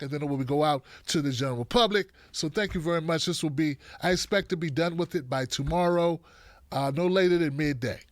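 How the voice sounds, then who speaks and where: Animated man hosting a live stream. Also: fairly high pitch, dry recording, studio quality. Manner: lively and animated, playful asides to viewers. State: dry throat, clearing it often. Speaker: host of a live online show. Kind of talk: casual live-stream chat, greeting viewers.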